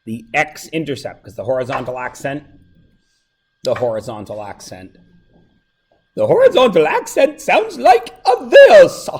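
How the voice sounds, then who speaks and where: A male math teacher whose voice sits a little high runs a class through a review in a loose, joking way during a plain classroom lesson. He drifts onto tangents before returning to the answers, checking often that everyone is following.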